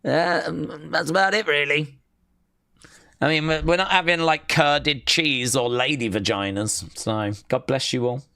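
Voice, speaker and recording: A man's voice: a little high, a little slow, vocal fry, sharp tone, no room sound, studio quality. A British man hosting a live stream, reading out viewer comments and bantering with them in a teasing, mock-outraged way. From Britain. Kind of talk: casual watch-along chat reading viewer comments.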